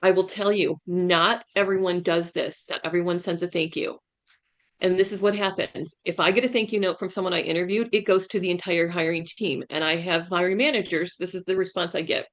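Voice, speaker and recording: A woman's voice: fairly low pitch, fairly even intonation, fairly quick. Emphatic woman coaching on a video call. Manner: emphatic, keeps asking "right?". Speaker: career coach, guest speaker. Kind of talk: webinar presentation.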